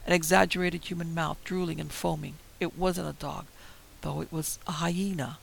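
A man giving tense, measured first-person horror story narration. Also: fairly high pitch, steady tone, gravelly, slight background noise, low-quality recording.

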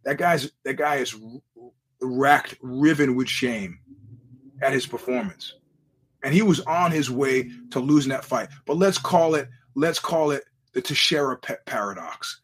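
Husky-voiced man rambling as podcast host. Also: medium pitch, measured pace, fairly bright tone. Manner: digressive storytelling with frequent restarts and laughs; blunt and profane. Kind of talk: casual rambling monologue.

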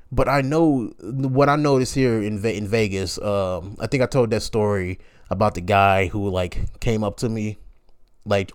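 A young man hosting a podcast, telling a story in a casual slangy rant and acting out the people he quotes. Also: medium pitch. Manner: animated, slangy, acts out quoted lines with laughs. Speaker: podcast host.

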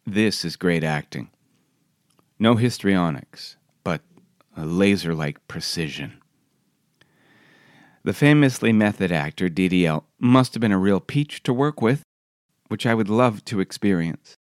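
A man's voice: low voice, animated, a little slow, pauses often, dry recording, clean studio sound. A man reading his own personal essay aloud in a wry, reflective, conversational way.

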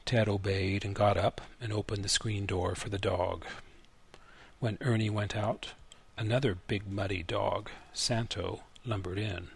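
A man narrating a literary short story in a measured, even way. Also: on the low side, vocal fry, breathy edge. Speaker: story reader.

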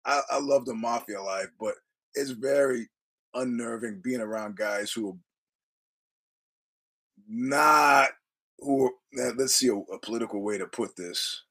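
Husky-voiced man hosting a podcast. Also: medium pitch, measured pace, long pauses, bright, forceful tone. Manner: digressive, quotes film lines, laughs often. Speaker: podcast host. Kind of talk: rambling casual monologue.

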